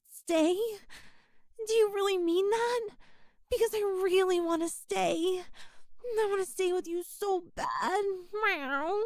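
Woman playing a stray catgirl, high-pitched, slow, gravelly edges, meows a lot, intimate role-play, dry close sound. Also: a little mellow, dry recording, heavily acted. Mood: pleading.

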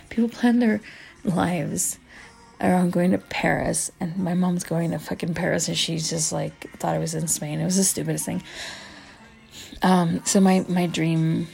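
A young adult woman telling a casual, animated story as a vlogger, full of "like" fillers and swearing. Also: fairly low pitch, creaky, rough recording. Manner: chatty, heavy on "like" fillers and swearing; animated, acts out quoted voices. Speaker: vlogger answering viewer questions.

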